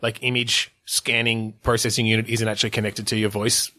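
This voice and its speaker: A man's voice: lowish voice, level tone, brisk, bright, forceful tone, no echo. Rambling laughing man, dry close mic. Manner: rambling, full of fillers and restarts, laughs often. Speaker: podcast co-host. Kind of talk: casual chat.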